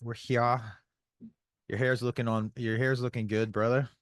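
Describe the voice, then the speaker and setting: A man's voice: medium pitch, level tone, moderate pace, no room sound, studio quality. A man co-hosting a podcast, easygoing and friendly, mostly giving short replies and asking questions. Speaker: podcast co-host. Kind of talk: casual podcast chat.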